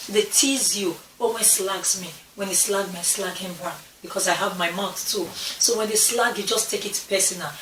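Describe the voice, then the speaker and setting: A woman's voice: on the low side, pushed and bright, distant mic, a little hiss or hum. A young adult woman chatting casually to camera for her channel, repeating herself and restarting phrases as she goes. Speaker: vlogger talking to her channel. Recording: roomy echo, a bit off-mic.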